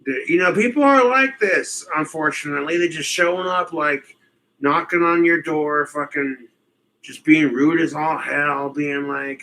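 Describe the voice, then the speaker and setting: Bright-voiced man ranting on a stream. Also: on the high side, moderate pace, a little hiss or hum, rough recording. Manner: loose, rambling, profane, often slips into mocking impressions. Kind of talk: reaction stream commentary.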